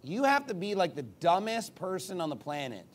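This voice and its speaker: Forceful combative male preacher, fairly high voice. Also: big pitch swings, moderate pace, a little hiss or hum. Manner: emphatic, combative, sarcastic asides; big swings in pitch and loudness. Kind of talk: sermon.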